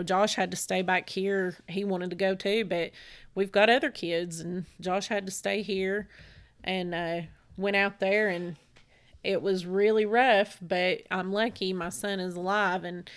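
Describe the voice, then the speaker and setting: A woman's voice: mid-range voice, a bit bright, clear, resonant tone. A woman, co-hosting a casual talk show and retelling a frightening family event in a rambling, emotional way. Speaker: podcast co-host. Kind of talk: casual storytelling chat.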